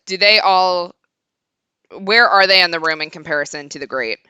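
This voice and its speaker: Crisp-voiced woman playing a tabletop game. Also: on the low side, normal speed, pushed and bright, dry recording, studio quality. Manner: short agreeing replies, hesitant questions. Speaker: player. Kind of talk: tabletop game play over a call. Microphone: video call.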